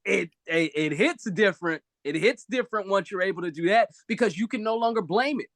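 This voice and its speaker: A man's voice: high voice, a little fast, a bit bright, no room sound. A man speaking expressively on a live video-call talk show, giving emphatic motivational advice.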